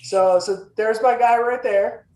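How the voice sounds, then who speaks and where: A man's voice: sits high, steady tone, unhurried, darkish tone, roomy sound, poor audio. A man describing his tabletop game character in casual chat, hesitant with many fillers. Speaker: player.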